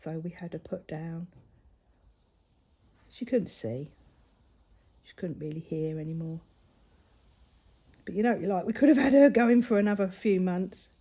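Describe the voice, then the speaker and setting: A woman's voice: on the low side, unhurried, pauses often, dark tone, slightly rough. A woman, a mother with a grown daughter, chatting casually and rambling through a personal story while she colours, her voice often dropping to a near-whisper. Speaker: crafting vlogger.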